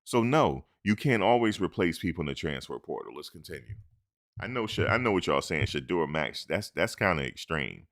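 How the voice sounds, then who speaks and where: A man's voice: sits low, normal speed, gravelly. A man hosting a sports talk show, riffing casually and animatedly, acting out imagined conversations and answering his chat. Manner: animated, talks back to the chat; acts out imagined lines in asides. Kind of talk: casual commentary.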